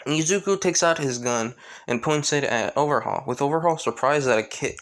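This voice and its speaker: A man's voice: on the high side, normal speed. A young man casually narrating a fan story, rambling with frequent restarts and hesitations.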